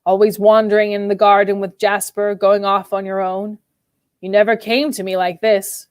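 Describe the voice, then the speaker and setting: A brooding, tormented older husband, as a woman reader puts him on, pours out his words with bitter, low urgency. The voice sits at a middling pitch and the recording is dry and close. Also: level tone, moderate pace, clean tone, no room sound, natural voice. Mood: wounded.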